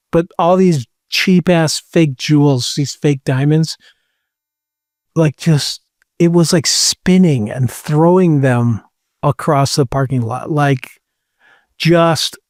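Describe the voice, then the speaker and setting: A man with a fairly high voice spins a candid story at an unhurried, drawn-out pace. He swears freely, leans on "like" and breaks into laughs as he goes. The sound is dry and close, with almost no room. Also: a little mellow, no room sound. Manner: candid, profane, full of "like" fillers, laughs mid-sentence. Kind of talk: casual storytelling chat.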